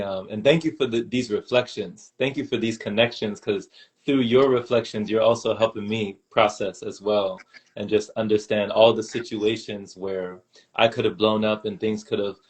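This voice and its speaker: Low-voiced man affirming in relaxed chat. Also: normal speed. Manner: warm affirming, repeats phrases, says "bro" and "man". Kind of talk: casual reflective chat.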